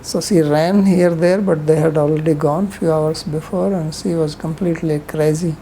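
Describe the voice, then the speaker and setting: A woman's voice: low voice, fairly even intonation, normal speed, mellow, a little hiss or hum, poor audio. A woman giving a rambling, conversational scripture lecture, telling stories with frequent asides.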